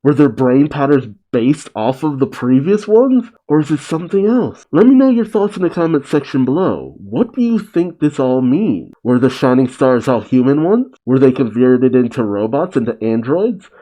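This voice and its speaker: A man hosting a comic reaction channel, reading a chapter aloud and breaking off into bewildered, animated asides. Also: mid-range voice, moderate pace, few pauses, rough recording.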